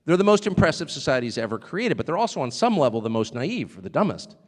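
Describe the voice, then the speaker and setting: A man giving an animated, sarcastic, off-the-cuff speech to a live audience. He digresses and laughs at his own jokes. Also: a little high, quick pace. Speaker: speaker addressing a live audience abroad. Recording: long reverb of a large hall.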